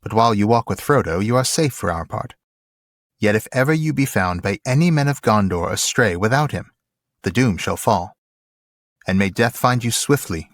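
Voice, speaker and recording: A man's voice: on the low side, dry recording, studio quality. Stern captain, read aloud by a man. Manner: measured, formal reading. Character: stern male captain, commanding and judging. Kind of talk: reading aloud from a novel.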